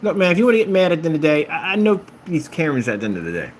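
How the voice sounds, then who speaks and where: A man's voice: on the high side, wildly swooping pitch, rapid-fire, a little hiss or hum. A man who makes screen paint rants at a rival in a combative, mocking tone, repeating his jabs. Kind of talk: ranting vlog.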